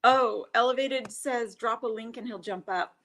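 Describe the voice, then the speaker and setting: A woman's voice: on the high side, normal speed, fairly bright tone. A middle-aged woman co-hosting a livestream, chatting casually and laughing easily. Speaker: livestream co-host. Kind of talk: casual chat.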